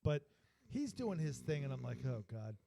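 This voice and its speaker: A man co-hosting a podcast, telling a long story in a rambling, profane, animated way. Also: on the high side, moderate pace, creaky, dry recording. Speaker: podcast co-host. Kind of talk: casual storytelling chat.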